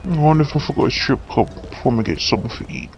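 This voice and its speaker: A man's voice: quick pace, muffled recording, slight background noise. A man with a Jamaican accent muttering and cursing through a comedic game skit voice-over. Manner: muttering, swears a lot, panics into high yelling. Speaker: skit narrator and game character.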